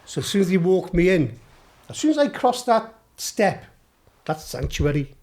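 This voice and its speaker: A middle-aged man from Liverpool with a Scouse accent, a podcast guest telling a story in a lively, sweary way, often laughing. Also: high voice, moderate pace. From Liverpool, England. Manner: animated, swears a lot, laughs while telling. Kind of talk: storytelling anecdote.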